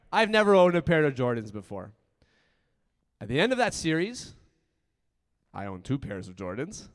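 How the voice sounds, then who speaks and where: Man, keynote speaker, swears a lot, loud bursts and quiet asides, long hall echo. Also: medium pitch. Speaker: conference speaker. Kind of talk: motivational keynote talk. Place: large conference hall.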